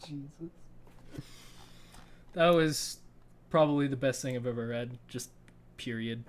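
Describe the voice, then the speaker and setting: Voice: medium pitch, a little slow. A co-host reading fanfiction aloud in a casual comedic way, laughing often and swearing between lines. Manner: laughs often, swears, reads with mock drama.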